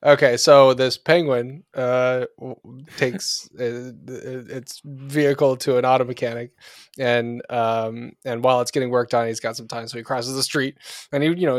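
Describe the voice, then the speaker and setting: Podcast co-host, male, mid pitch, dry close sound, rambling joke-teller who cracks himself up. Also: flat delivery, moderate pace, no room sound. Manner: rambling storyteller, laughs at own jokes. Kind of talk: casual joke-telling chat.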